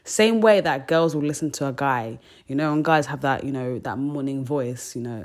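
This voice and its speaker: A woman's voice: a bass voice, normal speed, few pauses. A young woman, talking casually as a podcast host in a frank, slangy way. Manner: chatty, slangy and frank, full of fillers. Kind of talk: casual chat.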